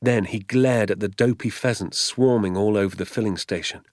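Deep-voiced man reading an audiobook. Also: dry recording, clean studio sound. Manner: measured, vivid storytelling. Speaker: audiobook reader. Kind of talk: audiobook narration.

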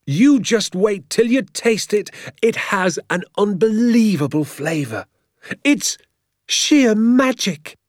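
A man reading aloud, doing a jubilant middle-aged father in a storybook, his voice lifted high and thrown out with big swooping grandeur. He crows and proclaims every plan like a triumphant lord, brimming with glee. The reading is close and dry, with no room sound. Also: lively intonation, slow, dry recording. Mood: rapturous. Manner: exclaiming, grand and theatrical. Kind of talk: audiobook character voice.

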